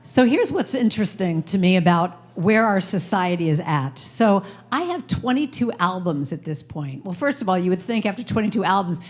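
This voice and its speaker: A middle-aged woman speaks at a live service in a spiritual center. Her delivery is playful and animated, with a medium-pitched voice, and she coaxes the audience into call-and-response. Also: normal speed, hardly any pauses. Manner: playful, animated, leads the audience in repeating phrases. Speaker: guest speaker and singer-songwriter.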